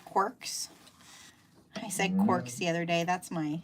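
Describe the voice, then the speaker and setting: Pennsylvania dutch lady teaching sewing live, gravelly lowish voice, noisy room w/ machine clicking. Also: little pitch movement, normal speed. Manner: chatty, thinking aloud while sewing. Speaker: sewing instructor. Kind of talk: live sew-along tutorial.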